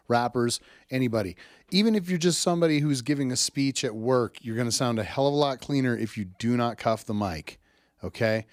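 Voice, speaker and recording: Here a man's mid-range voice comes through a studio microphone and tube preamp, clean studio quality with no echo. He's an audio engineer teaching mic technique in a casual, blunt, emphatic way, cursing freely and repeatedly asking "right?".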